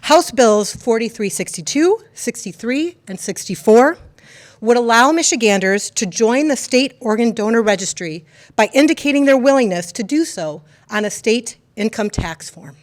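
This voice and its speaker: A woman's voice: fairly high pitch, lively intonation, moderate pace. A woman state legislator giving earnest, prepared remarks at a press conference. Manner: earnest, reads from prepared text.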